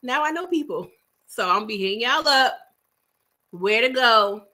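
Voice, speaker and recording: This woman from New York City runs a casual live stream and reads the chat aloud in a bright, higher-pitched voice, speaking a little slowly. Animated and talkative, she munches on snacks and keeps laughing and turning to her audience with asides.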